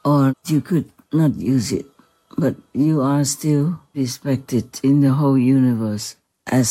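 A benevolent otherworldly king speaks in a slow, formal and reassuring way , as a speaker relays his words. The voice is mellow and unhurried, recorded dry and close. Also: mid-range voice, dry recording, rough recording.

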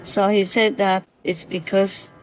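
A speaker talking gently and affectionately in a spoken diary, soft-spoken and unhurried. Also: medium pitch, little pitch movement, faint music behind, low-quality recording.

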